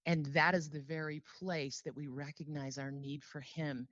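A woman telling her personal story as an interview guest, earnest and heartfelt, emotional and near tears, slowing down on solemn phrases. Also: sits low, steady tone, a bit bright, dry recording, dull audio.

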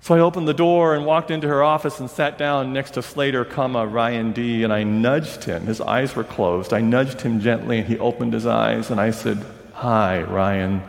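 A man's voice: medium pitch, steady tone, normal speed, gravelly, hardly any pauses. Man preaching in a reverberant hall. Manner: acts out quoted voices, drops to a hush for emotional moments. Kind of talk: sermon storytelling. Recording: long reverb of a large hall.

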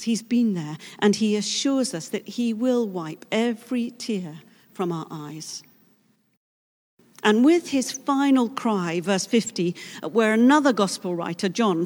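Woman, preacher, sermon, earnest, dramatic, fairly high voice, long hall reverb. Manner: earnest, dramatic, shifts between soft and loud.

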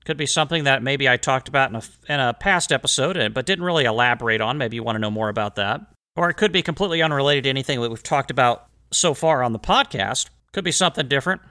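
Chatty man, bright voice. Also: medium pitch, expressive, fast. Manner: chatty, digressive, with wry asides. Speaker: podcast host. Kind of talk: solo podcast talk reading historical letters aloud.

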